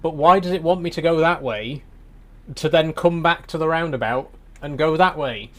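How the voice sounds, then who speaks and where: A man's voice: on the high side, normal speed, a bit bright. A man streaming a trucking game, talking to himself in exasperated, self-mocking commentary.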